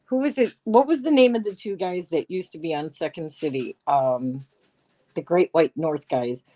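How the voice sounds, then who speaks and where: A woman's voice: sits low, moderate pace, dark tone. A middle-aged woman hosting a casual live stream, reading chat aloud with sarcasm and frequent laughs. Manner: sarcastic, laughs often, chats with viewers. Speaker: livestream host reading chat.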